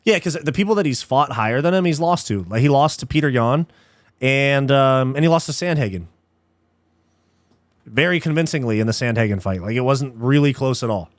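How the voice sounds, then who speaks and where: A young man commenting live on a fight as host, excitable and easily frustrated, swearing casually and calling people dude and bro. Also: mid-range voice, brisk, dry recording.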